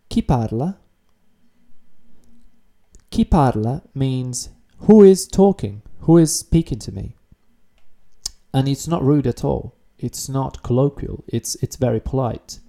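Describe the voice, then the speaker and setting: A man teaching a beginner language lesson online, explaining phrases patiently and repeating key words slowly. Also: a little high, creaky, warm tone.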